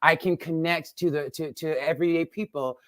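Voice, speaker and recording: A woman in her fifties, a guest joining by video call, telling stories in a lively, laughing, expressive way. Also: sits low, moderate pace. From United States. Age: 50s. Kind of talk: casual chat.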